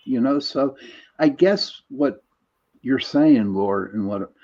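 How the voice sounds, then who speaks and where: A man's voice: mid-range voice, animated, slow, mellow, lo-fi sound. A middle-aged man hosting a podcast, easygoing, reading out viewer comments and sharing family stories. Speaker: podcast host. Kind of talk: casual podcast chat.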